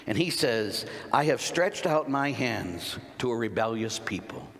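Male priest, mid-pitch voice, punchy conversational sermon, big hall reverb. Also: unhurried, slight background noise. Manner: animated, conversational preaching with rhetorical questions. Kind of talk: sermon to a men's conference.

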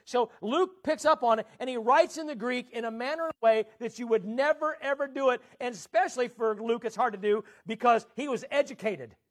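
High-voiced man preaching emphatically. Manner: emphatic preaching with slow, drawn-out scripture quotes and sharp pitch swings. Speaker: pastor. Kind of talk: sermon.

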